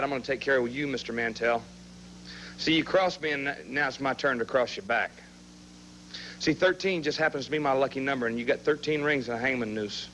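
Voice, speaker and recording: A man's voice: mid-range voice, fairly bright tone. A man cutting a fired-up, challenging wrestling promo on old TV audio. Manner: fired up, challenging, Southern drawl slang. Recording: dull old TV audio with faint hum.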